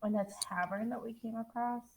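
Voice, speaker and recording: A woman's voice: on the high side, fairly even intonation, fairly quick, a little hiss or hum. A woman playing in a tabletop game, talking in a chatty, slightly hesitant way. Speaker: player. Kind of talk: casual tabletop game talk.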